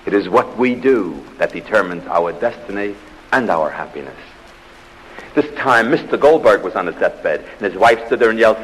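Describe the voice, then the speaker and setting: Lively man lecturing in a theatre. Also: on the low side, slight background noise. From United States. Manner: storytelling, dramatic pauses, punchy delivery. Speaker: psychologist and stage lecturer. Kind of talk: humorous live lecture with anecdotes. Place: large theatre stage, live audience. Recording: old live theatre recording with hall reverb.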